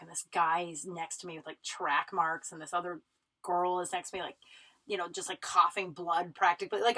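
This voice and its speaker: A woman's voice: lowish voice, pushed and bright, poor audio. A woman hosts her own podcast and tells a personal story. She is teary and sniffling, and she rambles emotionally with many fillers and restarts. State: tearful, runny nose. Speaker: podcast host. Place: home recording room.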